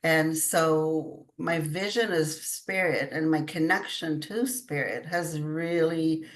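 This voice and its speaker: An older woman with a low voice tells her stories in an easy, chatty way. She laughs often as she talks through the interview. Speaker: guest, intuitive channeler. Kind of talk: casual interview chat.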